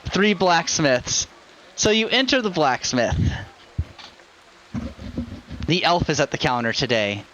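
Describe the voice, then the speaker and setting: A game master narrating a tabletop session in a casual, easygoing way. His voice sits high, and the stream audio is dull and lo-fi. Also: sing-song, moderate pace, bright, forceful tone, a little hiss or hum. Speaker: dungeon master.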